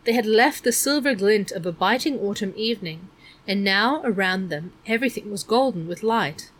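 A woman narrating an audiobook in a middle pitch. Her reading is measured and expressive throughout.

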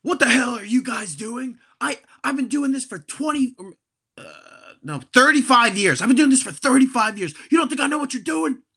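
Shouty, self-important bathroom attendant, put on by a man storyteller, pitched well above his own voice. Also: animated, normal speed, husky, exaggerated voice. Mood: scolding. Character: indignant veteran male bathroom attendant.

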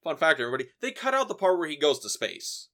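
A man hosting a casual film podcast. His voice sits a bit high and swings all over the place as he rambles, swears and piles up fillers. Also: wildly swooping pitch, fast talker, pushed and bright. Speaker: podcast host.

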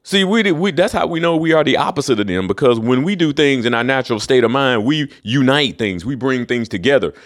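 A man's voice: mid-range voice, lively intonation, brisk, hardly any pauses. A man hosting a solo podcast, ranting in a casual, profane and emphatic way. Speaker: podcast host.

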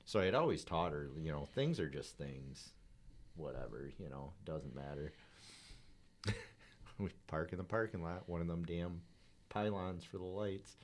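A man's voice: low-pitched, animated, a little slow, long pauses, a little hiss or hum. A middle-aged father chatting on a podcast, telling an easygoing story and chuckling as he goes. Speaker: podcast guest. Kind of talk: casual chat.

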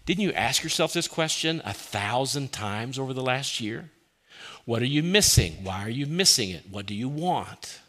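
Male pastor delivering a sermon; bright, forward tone, mid pitch, heavy use of rhetorical questions and hushed quotes. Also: animated, moderate pace. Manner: asks many rhetorical questions, drops soft and quiet for quoted lines.

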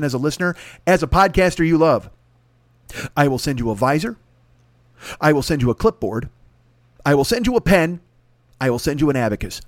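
A man's voice: fairly high pitch, no echo. A man in his forties hosting a solo comedy podcast, ranting in a profane, rambling, self-mocking way into a microphone. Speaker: podcast host. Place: hot room with air conditioning running. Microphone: studio microphone.

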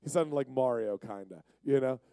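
A man's voice: mid-range voice, normal speed, vocal fry, dark tone, clean tone, no room sound. Youth speaker, man from Pennsylvania, casual storytelling sermon, jokey, dry close sound. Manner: jokey, rambling.

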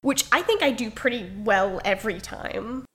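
A woman's voice: on the high side, lively intonation, normal speed, sharp tone. A woman hosting a casual podcast, bantering, laughing often and swearing freely. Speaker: podcast host.

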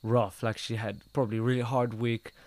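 A man's voice: mid-range voice, flat delivery, brisk, a little mellow, no room sound. A man in casual chat who talks reflectively and agrees often. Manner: agreeable, reflective, many yeahs and restarts.

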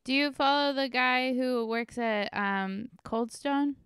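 A woman's voice: high voice, slow pace, fairly bright tone, clear, resonant tone, no room sound, clean studio sound. A woman hosting a podcast, chatting casually with wry, teasing asides. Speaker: podcast host. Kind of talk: casual chat.

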